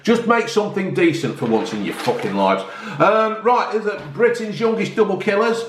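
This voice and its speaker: A man's voice: sits high, expressive, moderate pace, slight background noise. A middle-aged man chatting casually as a vlogger, reacting bluntly to news stories with plenty of swearing. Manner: blunt, sweary, ranting commentary. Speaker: vlogger reviewing newspaper stories. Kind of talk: casual chat. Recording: echoey room.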